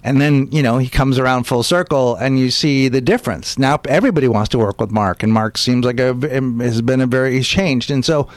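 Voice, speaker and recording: A man's voice: medium pitch, a little fast, few pauses, no room sound. A man, a stand-up comedian, telling stories animatedly as a guest in a casual interview, acting out quotes in different voices.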